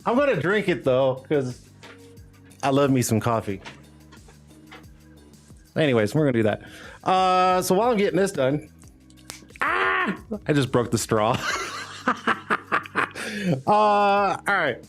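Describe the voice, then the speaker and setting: A man's voice: fairly high pitch, big pitch swings, slow pace, long pauses, a bit bright. A man hosting a casual live stream, rambling and hyping up his chat with lots of "uh"s and laughs. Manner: loose, rambling, hype talk with frequent "uh" and laughs. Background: faint background music.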